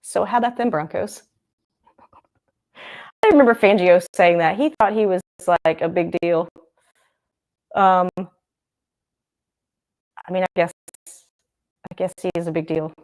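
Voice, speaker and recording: A woman's voice: on the low side, unhurried, pauses often, darkish tone. A young woman hosting a livestream, chatting casually and thinking aloud as she comments on a football game. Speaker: livestream host.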